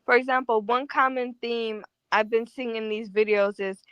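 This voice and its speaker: A woman co-hosting a casual talk show, calm and questioning. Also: a little high, moderate pace, smooth, no echo. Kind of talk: casual chat.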